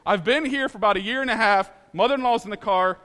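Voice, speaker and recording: A man from Ohio telling a personal story in an animated, dramatic way, laughing at himself as he goes. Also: sits high, fast talker, big-room sound.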